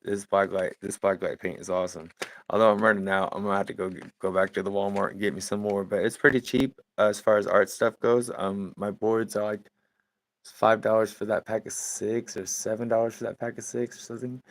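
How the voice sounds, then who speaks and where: A man in his thirties chatting casually with viewers on a live stream while he paints, relaxed and rambling, laughing easily. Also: fairly low pitch, fairly quick, no room sound. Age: 30s. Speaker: livestreaming painter.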